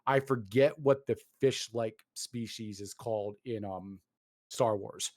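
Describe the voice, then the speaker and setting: A man's voice: fairly low pitch, measured pace, a little mellow. A man hosting a casual gaming chat, ranting with lots of swearing and fillers.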